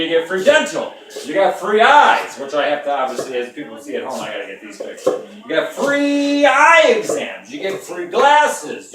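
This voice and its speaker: High-voiced man rambling jokes in a kitchen. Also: a bit bright, roomy sound, distant mic. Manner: rambling, jokey asides to viewers. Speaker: home cooking show host. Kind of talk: joking cooking demonstration.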